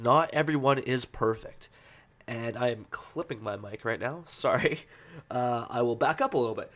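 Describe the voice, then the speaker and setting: A man's voice: medium pitch, moderate pace, fairly bright tone. A man hosting a casual podcast, talking loosely with lots of fillers and breaking into heated, profane rants. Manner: loose, hesitant with many fillers. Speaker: podcast host.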